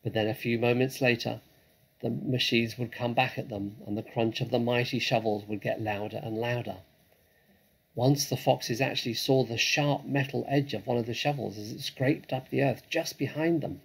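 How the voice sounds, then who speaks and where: A man reading a children's story aloud in a dramatic, measured way. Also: medium pitch, fairly even intonation, vocal fry, slightly rough, rough recording.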